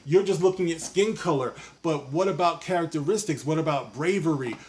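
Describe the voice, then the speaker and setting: A man's voice: on the high side, fairly quick. A man giving a casual commentary rant, rambling and repeating "you know what I mean". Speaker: commentary vlogger.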